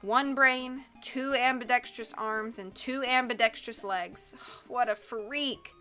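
A woman playing a slow, mournful sad-sack man. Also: on the high side, bright, forceful tone, soft background music. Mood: self-pitying. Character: gloomy self-pitying man, ambidextrous carnival performer.

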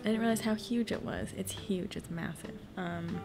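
A young woman chatting casually to camera at home in a lifestyle vlog, bubbly and excitable. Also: mid-range voice, normal speed, faint music behind. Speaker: lifestyle vlogger. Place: at home in her room.

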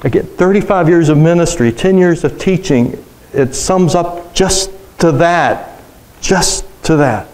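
A man's voice: fairly high pitch, unhurried, darkish tone, low-quality recording. Man preaching a conversational sermon. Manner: conversational storytelling, asks the congregation questions. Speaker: pastor. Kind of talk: sermon with personal stories.

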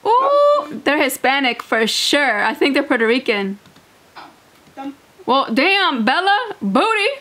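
A woman's voice: high voice, lively intonation, a little slow, background noise. A woman hosting a reaction video, talking casually and bluntly, laughing often and swearing freely.

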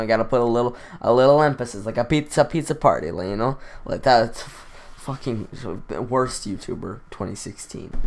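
A teenage boy talks over a clip in a loose, rambling way, heaping sarcastic mockery on what he is watching. His voice sits at an ordinary middle pitch for a young man. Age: teens. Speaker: YouTube roast commentator. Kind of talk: casual mocking commentary.

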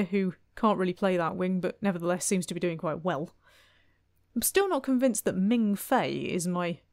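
A woman's voice: medium pitch, darkish tone, dry recording. A woman commentating on her own gameplay in a wry, chatty way, full of exasperated asides. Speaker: let's play host.

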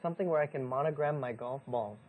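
A man's voice: medium pitch, quick pace, a little hiss or hum. A man hosting a kids TV show, trading casual banter with dry, teasing jokes. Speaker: kids TV host. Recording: tinny lo-fi 1990s TV tape.

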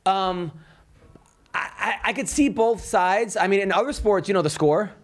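A man's voice: high voice, moderate pace. A man hosting a podcast, a comedian who talks in a chatty, rambling way with lots of fillers. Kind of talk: casual chat.

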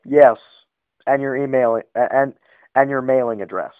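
A man on a prank phone call, posing as a slow-speaking, touchy customer who stammers and halts. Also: medium pitch, fairly even intonation, no echo, natural voice. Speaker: prank caller. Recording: tinny dry phone line.

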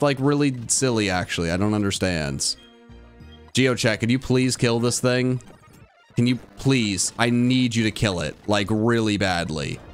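A man streaming a video game live, chatting with his viewers and breaking into loud, frustrated outbursts. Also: mid-range voice. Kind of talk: live gameplay commentary.

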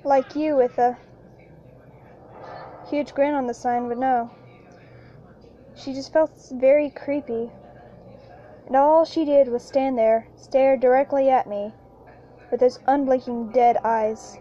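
High-voiced woman reading a horror story. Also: fairly even intonation, warm tone, a little hiss or hum. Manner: halting, with frequent restarts and repeated lines. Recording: lo-fi with faint background music.

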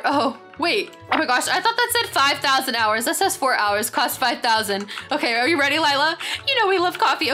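A young woman hosting a game tour, gushing with excitement and saying "very, very" over and over as she chats casually. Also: high-pitched. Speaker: gaming channel host. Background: faint background music.

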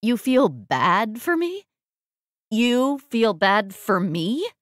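A woman voicing a heartbroken, bitter young woman with a choked, hoarse delivery in an audiobook. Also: medium pitch, measured pace, dry recording, studio quality, close to an everyday voice. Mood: furious.

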